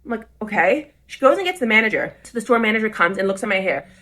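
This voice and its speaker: A woman telling a story about her own salon visit, animated, quoting herself and the staff. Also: mid-range voice, fast talker. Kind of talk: storytime video clip.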